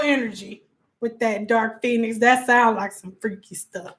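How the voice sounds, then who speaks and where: A woman hosting a livestream, chatting casually with viewers and answering their comments. She laughs often and acts out quick voices when she quotes people. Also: mid-range voice, steady tone. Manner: laughs often while talking. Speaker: livestream host talking to viewers.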